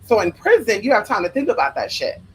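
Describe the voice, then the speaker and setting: A spiritual worker telling rambling stories to viewers in a sassy, profane, animated way, often drifting into side tangents. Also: fast, slight background noise, rough recording. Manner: profane, sassy and animated, with big pitch swings. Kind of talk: casual storytelling to viewers.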